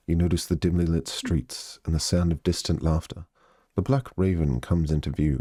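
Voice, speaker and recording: A man's voice: low-pitched, dark tone, no echo. A man reading a game master's narration aloud and chatting at the table in a dry, matter-of-fact way.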